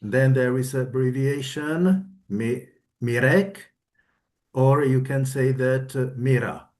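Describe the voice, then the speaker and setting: A Czech man, a student in an online class, speaks slowly and haltingly with fillers in a mid-range voice over a video call. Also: medium pitch, steady tone, a little mellow. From Czech Republic.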